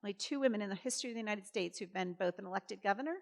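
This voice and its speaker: A woman in her fifties speaks at a middle pitch, chatting through a story with plenty of fillers. She slips into lively voices for the people she quotes. The sound carries a long reverb from a large hall. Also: rapid-fire, vocal fry. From Massachusetts. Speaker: guest speaker, former governor. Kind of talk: conversational storytelling on stage. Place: college event hall.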